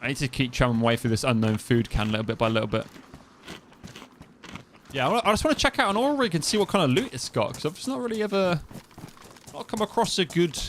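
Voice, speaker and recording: A man's voice: a little high, sing-song, fast talker, slight background noise. A young man from the East Midlands of England with an East Midlands accent, chatting casually and rambling while he streams a game. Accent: East Midlands English. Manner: chatty, rambling, trails off and restarts. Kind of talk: casual gameplay commentary.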